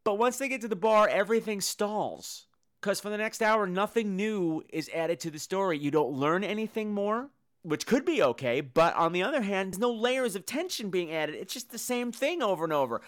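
Man, movie review host, high-pitched, smooth clear voice, flamboyant, sarcastic. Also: expressive, moderate pace. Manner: campy, flamboyant, sarcastic asides; breaks into sung and squealed impressions. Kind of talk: casual comedic movie review.

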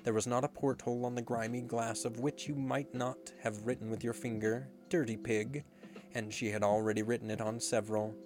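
Guy reading a storybook, measured and expressive, soft music behind. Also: medium pitch. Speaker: narrator.

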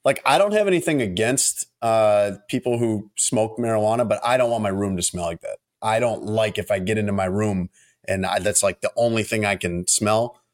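A man's voice: fairly low pitch, moderate pace. Male co-host, casual conversational tone, loose and hedging. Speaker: podcast co-host. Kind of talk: casual chat.

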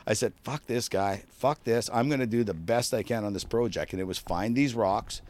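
A man's voice: lowish voice, normal speed. A middle-aged Canadian man swearing constantly as he tells stories in a casual podcast chat. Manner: swears constantly, animated storytelling. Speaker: podcast co-host.

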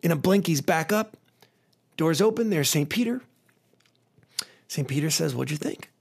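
A man's voice: on the high side, animated, a little slow, breathy edge. A man telling a long joke in a loose, rambling way, with fillers and restarts.

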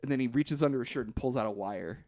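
A podcast co-host retells a film's plot in casual chat, swearing freely and restarting sentences. His voice is medium-pitched, fast, and a little mellow, in clean studio sound with no room echo.

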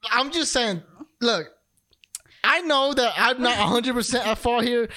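A man's voice: very high-pitched, unhurried. A man co-hosting a podcast, bantering casually and acting out the people in his stories, laughing often. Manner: animated storytelling, acts out quotes, laughs often. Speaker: podcast co-host.

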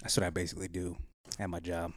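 A man's voice: deep voice, monotone, quick pace, a little hiss or hum. A man co-hosting a podcast in casual chat, rambling and joking informally. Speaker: podcast co-host.

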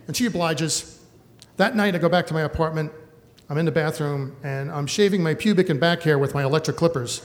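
Thirtysomething guy telling a funny story on stage, wry, kinda high voice, big echoey hall. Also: fast. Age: 30s. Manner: wry, comic, animated. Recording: echoey hall, faint noise.

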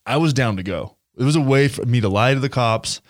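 A man's voice: medium pitch, a little fast, no echo, clean studio sound. A man co-hosting a podcast in casual chat, telling loose, rambling stories with plenty of swearing. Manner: rambling, profane storytelling. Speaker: podcast co-host.

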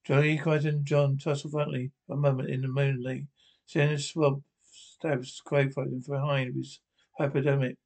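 A man's voice: mid-range voice, little pitch movement, normal speed, creaky, darkish tone. A man reading a scripted description of a TV episode aloud, naming each speaker before the line. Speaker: audio describer.

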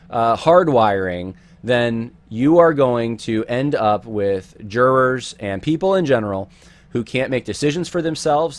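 Man, mid pitch, earnest commentator thinking out loud, restarts lines. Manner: earnest, repeats words while thinking. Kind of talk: casual video commentary.

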